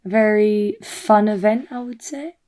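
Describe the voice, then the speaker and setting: A young woman chatting on a podcast. She giggles a lot and rambles from one thought to the next. Her voice sits at an ordinary middle pitch. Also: measured pace, warm tone. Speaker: podcast co-host. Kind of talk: casual podcast chat.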